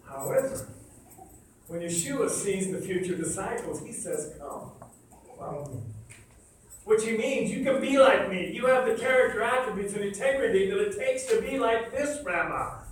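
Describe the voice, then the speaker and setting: A man's voice: high voice, moderate pace. A man preaching a sermon, emphatic and repetitive, quizzing the congregation. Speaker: pastor. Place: church sanctuary. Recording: echoey hall from far off, faint noise.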